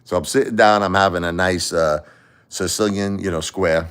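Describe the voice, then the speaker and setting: Deep-voiced blunt Brooklyn man. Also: fairly even intonation, moderate pace, a bit bright, smooth. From Brooklyn, New York. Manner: blunt, rambling storyteller, swears casually. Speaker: livestream host and musician. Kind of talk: casual livestream chat.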